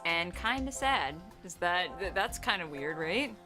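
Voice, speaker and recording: A woman from the northern United States co-hosting a game stream, talking casually with quick, profane bursts and frequent laughter. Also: fairly low pitch, expressive, over music. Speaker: let's play streamer, co-host.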